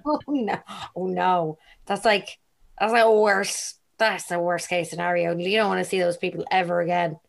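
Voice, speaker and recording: A young woman reacting in casual chat, laughing and expressive. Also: on the low side, moderate pace, vocal fry. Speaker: podcast co-host.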